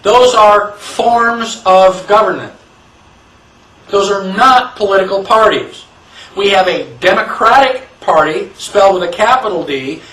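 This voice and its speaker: A man with a high voice gives an emphatic classroom lecture and keeps asking his listeners rhetorical questions. He sounds distant from the microphone, and the room around him echoes. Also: fairly bright tone. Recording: echoey room, mic far off.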